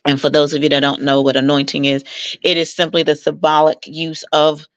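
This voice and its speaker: A couples coach speaking as a guest in an interview shares conversational stories from her practice, warm and persuasive like a mentor. She animates them by acting out quoted voices, her pitch jumping. She speaks briskly, with no room sound and the high frequencies cut off.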